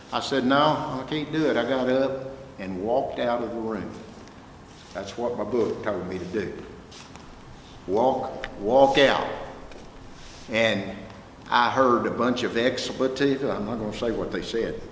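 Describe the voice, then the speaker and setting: An older man with a Texas accent telling folksy, animated career stories to students in a lecture hall. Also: mid-range voice, unhurried, long pauses. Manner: folksy, animated anecdotes with quoted dialogue. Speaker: guest speaker, music producer. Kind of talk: storytelling talk to students. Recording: echoey hall, faint room noise.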